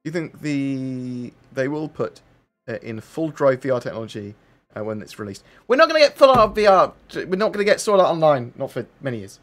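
Sing-song and a bit bright, his medium-pitched voice moves fairly quickly. He's a livestream host reading viewer questions aloud, then answering in a loose, chatty style packed with filler words.

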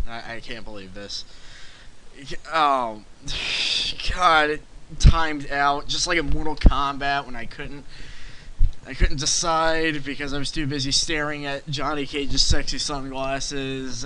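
A man's voice: mid-range voice, bright, forceful tone, a little hiss or hum, low-quality recording. A man doing a sarcastic parody game review, ranting in an exasperated voice as an angry fanboy who keeps repeating himself. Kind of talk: satirical rant as an angry fanboy.

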